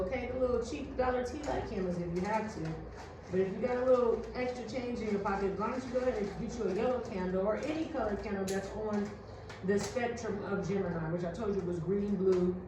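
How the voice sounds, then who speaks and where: A chatty woman talks casually to her viewers, walking through a home ritual step by step. She sits back from the mic in a very echoey room. Steady background noise runs underneath. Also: medium pitch, recorded from a distance. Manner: chatty, loose, addresses viewers as you guys. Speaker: spiritual vlogger. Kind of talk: casual how-to chat.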